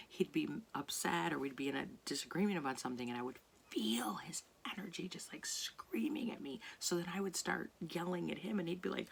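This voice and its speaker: A woman talking casually to camera late at night in a soft voice that often drops to a near whisper, rambling and searching for words. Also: fairly low pitch, a little fast, creaky, few pauses, breathy edge. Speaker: artist vlogger. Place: home at night.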